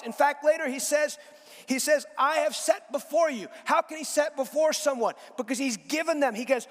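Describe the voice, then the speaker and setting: A man preaches with a strikingly high voice, reading passages and then driving points home with repeated, shouted phrases. His voice rings through a large hall, trailing a long echo. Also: normal speed. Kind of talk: sermon.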